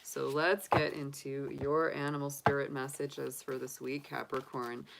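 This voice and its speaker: Low-voiced chatty woman. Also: little pitch movement, measured pace, creaky, noisy background. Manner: chatty, upbeat, filler-heavy. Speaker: tarot reader. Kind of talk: casual livestream reading.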